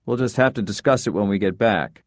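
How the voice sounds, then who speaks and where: A man's voice: on the low side, dry recording, studio quality, natural voice. A man reading the part of a proud, tough older husband who talks pleasantly but a little stiffly. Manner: brisk, pleasant, a touch stiff.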